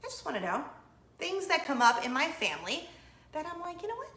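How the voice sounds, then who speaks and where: A woman's voice: high-pitched, sing-song, brisk, pushed and bright, roomy sound, slight background noise. A middle-aged woman hosting a casual video chat, telling stories animatedly, laughing often and exclaiming. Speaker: vlog host.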